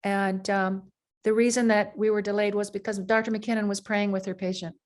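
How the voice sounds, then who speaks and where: A woman's voice: mid-range voice, flat delivery, normal speed, darkish tone. A woman surgeon, interviewed as a guest, telling workplace anecdotes in a loose, conversational way, full of fillers and restarts. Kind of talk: conversational storytelling.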